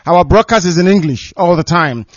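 A male radio host takes calls, courteous but direct. His voice sits slightly high, dry and a little dull in tone. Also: expressive, normal speed, no echo. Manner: direct, courteous, prompting callers. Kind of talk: radio call-in hosting.

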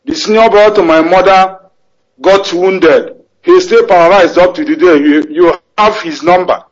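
A man from Nigeria calls in to a radio show and insists on his point, talking over the host. His voice is high, and the line is muffled and lo-fi. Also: normal speed. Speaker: caller. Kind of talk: call-in radio talk.

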